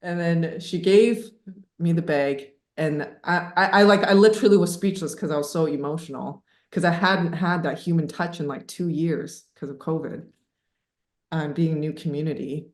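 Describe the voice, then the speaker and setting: A woman in her thirties telling a personal story as a podcast guest, animated and laughing, with many fillers. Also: low-pitched, moderate pace. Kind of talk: casual storytelling interview. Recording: echoey room.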